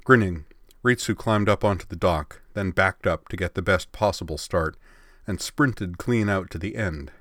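A man narrating a story aloud in a measured, expressive reading. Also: low-pitched, dry recording.

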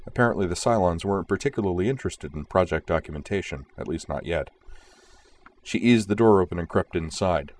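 Deep-voiced man narrating a story. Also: animated, fairly quick, darkish tone. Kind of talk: audiobook narration.

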